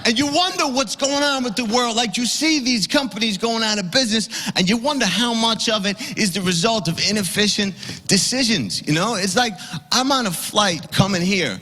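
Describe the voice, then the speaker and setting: A man doing a stand-up comedy set on stage, ranting and swearing, and getting loud on his punchlines. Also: high-pitched, normal speed, in a large hall. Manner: ranting, profane, rising to shouts on punchlines.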